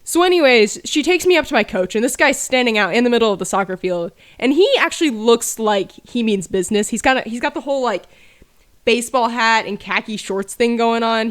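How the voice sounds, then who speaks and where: A woman telling a casual story about her childhood with dry, self-mocking humor. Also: a little high. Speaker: storyteller over gameplay.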